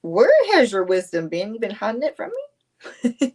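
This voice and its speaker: A woman's voice: medium pitch, very animated, normal speed. A woman, chatting casually on a livestream, rambling, answering viewers and laughing often. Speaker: livestream host.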